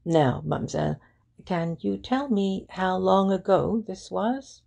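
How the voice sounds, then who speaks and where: A formal, courteous English detective, read by a woman, asks his questions with earnest politeness. The voice is dark, gravelly and slow. It is an audiobook reading. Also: mid-range voice, lively intonation, full character voice. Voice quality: gravelly, husky.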